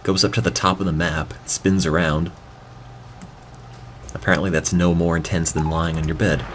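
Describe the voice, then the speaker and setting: A man's voice: low voice, little pitch movement, normal speed, slight background noise. A man from New Jersey giving dry, sarcastic commentary while playing a video game. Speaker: let's play commentator. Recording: game music behind the voice.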